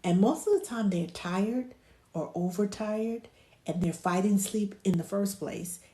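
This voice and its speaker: A woman with a medium-pitched voice talks casually at a measured pace about soothing babies, drawing on her work as a childcare provider. When she quotes herself speaking to the babies, she drops into a hushed, soothing voice. The room is echoey.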